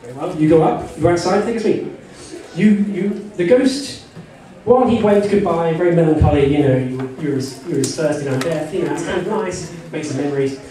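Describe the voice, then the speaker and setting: A man's voice: fairly high pitch, brisk, mellow. A man running a live text-adventure game for a convention audience, rambling and joking with lots of "you know" asides. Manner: jokey and rambling, full of "you know" asides, laughing often. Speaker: game master. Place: convention panel room with an audience. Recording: echoey hall, far from the mic, crowd noise.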